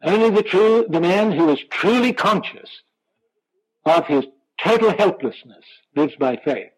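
A man preaching a sermon, slow and emphatic, drawing out the words of scripture he quotes. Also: high voice, animated, poor audio.

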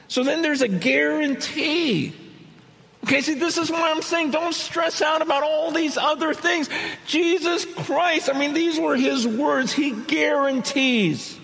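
A man's voice: very high voice, a little slow, gravelly, fairly bright tone, in a large hall, low-quality recording. A man preaching a sermon in an earnest, conversational way, often acting out quoted words. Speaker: pastor.

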